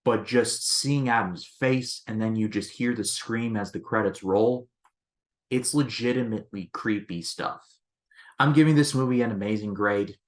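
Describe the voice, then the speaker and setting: Host of a casual movie review channel, a man with a slightly low voice, rambling style full of restarts. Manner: rambling, leans on "basically" and restarts.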